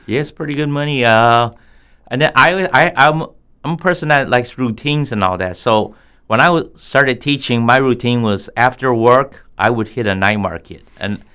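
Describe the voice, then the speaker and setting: A man as an interview guest, telling stories in a relaxed, anecdotal way. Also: medium pitch, clear, resonant tone. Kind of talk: conversational interview.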